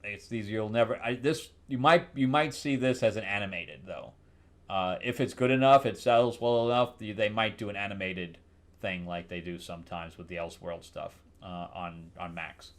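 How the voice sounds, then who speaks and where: A man's voice: on the low side, normal speed. Sarcastic, rambling comic reviewer man. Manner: sarcastic, rambling with many restarts. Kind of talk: casual comic recap.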